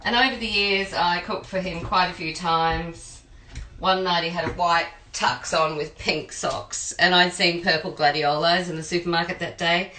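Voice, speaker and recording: A woman's voice: on the low side, fairly even intonation, normal speed, bright, forceful tone, roomy sound, slight background noise, low-quality recording. An Australian woman who cooks for a living, telling long rambling stories while she makes a pie. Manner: rambling storyteller, talks while cooking. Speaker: home cook and private chef. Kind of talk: chatty cooking demo with anecdotes.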